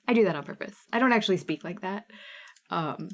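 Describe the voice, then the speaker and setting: A woman's voice: on the low side, lively intonation, a little fast. A woman in her thirties with a Midwestern American accent, hosting a live craft sale stream in a casual, bubbly way and reading out viewers' names.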